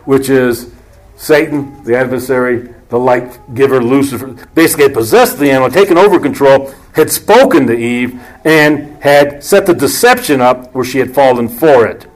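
A man giving a conversational, joking Bible teaching with asides. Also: medium pitch.

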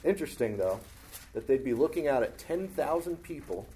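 A man teaching a Bible passage, reading the verses aloud and commenting on them plainly, often clearing his throat. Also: medium pitch, expressive, moderate pace, dark tone, slight background noise. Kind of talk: reading scripture and explaining it.

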